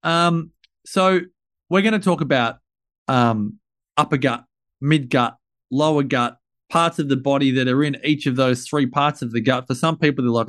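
A male podcast host conducts a casual conversational interview, chatty and playful, wandering a little and using plenty of fillers. His medium-pitched voice is a bit bright and moves at a moderate pace, in studio-quality audio with no echo.

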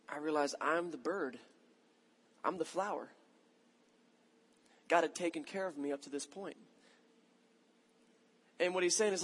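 Brief: pastor in his thirties, casual sermon storytelling, fairly high voice, long hall echo. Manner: conversational storytelling, self-mocking, animated.

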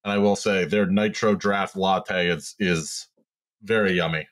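A man's voice: sits low, steady tone, measured pace. A man in his thirties co-hosting a podcast, trading profane, sardonic banter in casual chat. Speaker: podcast co-host.

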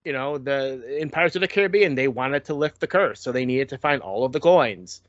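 A man's voice: mid-range voice, expressive, brisk, no room sound. A man co-hosting a casual movie podcast, retelling the plot and quoting characters. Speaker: podcast co-host. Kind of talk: casual movie review chat. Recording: dull lo-fi dry sound.

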